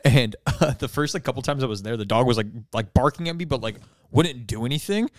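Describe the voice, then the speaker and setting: A man's voice: medium pitch, animated, fairly quick, no room sound, clean studio sound. A man who cleans pools, in casual chat, telling stories with lots of swearing and acting out the dogs and people in them. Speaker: pool cleaner.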